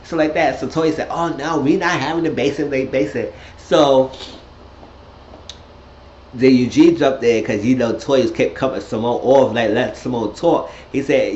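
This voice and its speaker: A man chats through a reality show recap in a loose, profane, animated way, sometimes leaping into shrill voices to quote people. The sound is roomy and dull, with a faint hiss underneath. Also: normal speed. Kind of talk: casual recap chat.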